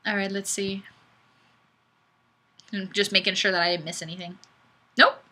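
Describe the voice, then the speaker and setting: A woman's voice: medium pitch, little pitch movement, normal speed, bright, forceful tone. A woman hosting a webcam chat, reading viewer comments aloud in a playful, giggly, sing-song way into a webcam microphone.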